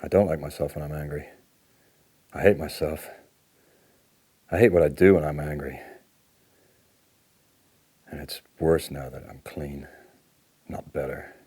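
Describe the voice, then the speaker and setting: Late-forties man, playing a deep-voiced, raspy, volatile addict in counselling; swings from outbursts to shame. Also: fairly even intonation, measured pace, pauses often, mellow, heavily acted. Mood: low, ashamed. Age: late 40s. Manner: swings between outbursts and low, muttered apology. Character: angry recovering male addict near fifty, volatile and ashamed. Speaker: counselling client in a training role-play.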